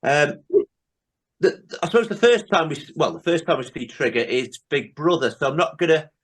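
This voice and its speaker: A man with a slightly high, sing-song voice and moderate pace hosts a podcast. He chats casually, retelling comedy scenes and tossing in lots of tag questions.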